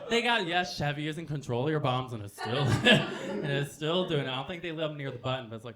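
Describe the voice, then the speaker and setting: A man doing campy, animated stand-up storytelling on a theater stage, acting out the people in his story. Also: fairly high pitch, fairly quick, few pauses, crowd noise. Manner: animated, campy, acts out voices. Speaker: stand-up comedian. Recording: roomy theater sound.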